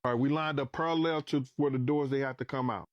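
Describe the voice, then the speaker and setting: A middle-aged man telling a story as a podcast guest in a casual, animated way, swearing freely and acting out what people said. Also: mid-range voice, quick pace, no echo, highs cut off. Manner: animated, acts out quoted dialogue, swears freely.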